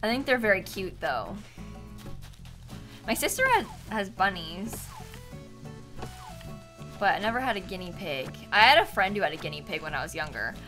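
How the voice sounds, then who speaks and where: Young woman, casual streamer chat, very animated pitch, bright tone, soft game music behind. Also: moderate pace, pauses often. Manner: chatty, giggly, talks to her cat in a sing-song voice.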